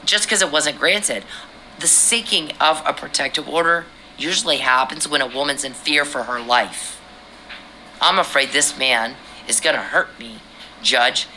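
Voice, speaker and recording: A woman's voice: extremely low pitch, pushed and bright, slight background noise, poor audio. A woman hosting her own podcast, talking straight at a man she accuses, confrontational and swearing. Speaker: podcast host. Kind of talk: angry personal monologue.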